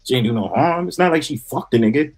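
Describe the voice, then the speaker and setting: Man, New York accent, playfully indignant banter, husky, lively pitch. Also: fast talker, faint music behind. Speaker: guest on a live stream. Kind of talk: casual banter.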